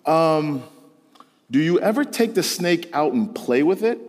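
A man playing a calm male veterinarian who asks questions slowly and hesitantly. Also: a little high, in a large hall. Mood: patient, probing. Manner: slow, halting, hesitant with ums.

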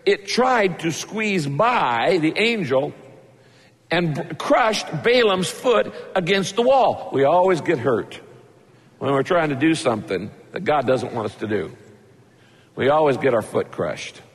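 A male pastor preaching a sermon, telling the story with lively asides and acting out the characters' lines. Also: on the high side, measured pace, slightly rough. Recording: long hall reverb.

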